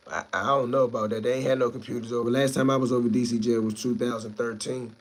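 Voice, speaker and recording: A man's voice: medium pitch, fairly even intonation, quick pace, few pauses. Laid-back DC live streamer, man. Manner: laid-back, reads viewer comments aloud and answers them. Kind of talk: casual live stream chat.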